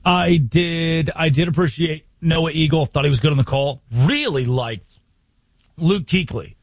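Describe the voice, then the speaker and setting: Husky-voiced man hosting sports talk. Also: fairly high pitch, a little slow, no echo. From United States. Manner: emphatic, rhetorical questions, animated. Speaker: sports radio host. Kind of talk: sports talk show banter.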